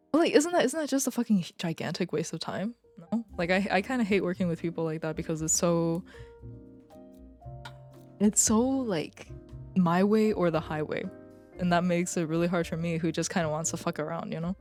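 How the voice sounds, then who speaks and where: A woman's voice: fairly low pitch, moderate pace, darkish tone, faint music behind. A young woman streamer in casual live chat, rambling, swearing often and joking as she goes.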